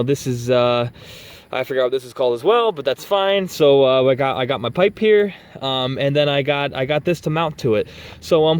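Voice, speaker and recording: A man's voice: mid-range voice, darkish tone. A man talking casually to a camera in an outdoor backyard gym, rambling and self-deprecating about his homemade workout gear. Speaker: home workout vlogger.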